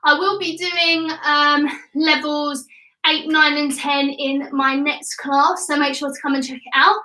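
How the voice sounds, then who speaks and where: A cheerful young woman leads a children's home workout, encouraging everyone and counting out reps. Her voice is high and crisp. It echoes around a room at home, picked up from some distance. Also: level tone, unhurried, sharp tone. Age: 20s. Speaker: kids' gymnastics coach. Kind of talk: instructional workout class.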